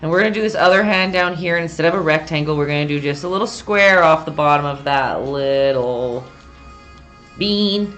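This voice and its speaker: A woman's voice: low-pitched, moderate pace, a bit bright, soft background music. A woman giving a casual, rambling live-stream painting lesson, chatty and self-deprecating, often giggling.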